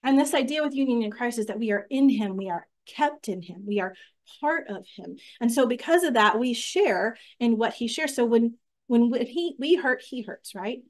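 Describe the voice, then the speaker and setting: A woman's voice: fairly high pitch, lively intonation, normal speed. A young woman teaching a women's Bible study, earnest and chatty, with many fillers and restarts.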